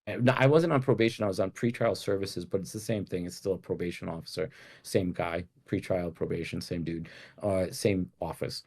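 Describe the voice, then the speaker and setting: A man's voice: deep voice, brisk, creaky, a little mellow. A man from Rhode Island telling a story as a guest in a casual chat, laid-back and swearing freely while acting out the dialogue.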